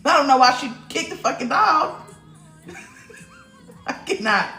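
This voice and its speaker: Woman livestream host, a little high, very lively pitch, blunt and profane, addresses chat directly, roomy echo with faint music behind. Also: a little slow. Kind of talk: casual livestream chat with viewers.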